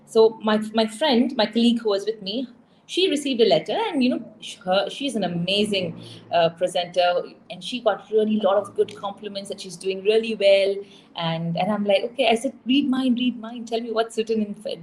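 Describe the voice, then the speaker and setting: A young woman from India, a TV presenter, telling her story as an interview guest in an animated, emotional way, acting out quoted dialogue. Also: mid-range voice, slight background noise, poor audio.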